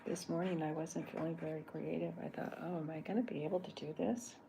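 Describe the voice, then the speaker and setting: Soft-spoken woman, gravelly half-whisper. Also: deep voice, level tone, a little fast. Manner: soft, half-whispered, rambling thinking aloud. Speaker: artist live-streaming her drawing. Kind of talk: soft-spoken ASMR drawing stream. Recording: noisy home stream audio.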